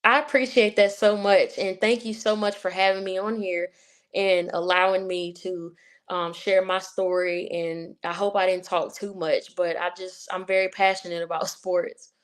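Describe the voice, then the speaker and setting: A woman's voice: mid-range voice, little pitch movement, normal speed, smooth. A woman from Southern Virginia with her local accent, a guest telling stories at length in a casual interview, with many fillers. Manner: chatty storyteller, many fillers like "you know". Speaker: guest, sports writer and podcast host.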